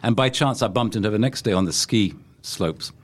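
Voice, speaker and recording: A man's voice: fairly low pitch, brisk. Cheeky London-accented man telling stories. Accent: London English. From England. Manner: cheeky, self-deprecating storyteller. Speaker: guest. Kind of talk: casual interview chat.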